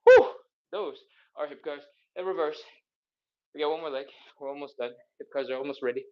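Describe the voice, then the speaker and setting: A man's voice: on the high side, steady tone, brisk, highs cut off. A man leading a live stretching workout, counting reps aloud while he exercises, a bit out of breath. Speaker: fitness instructor. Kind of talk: live mobility workout instruction.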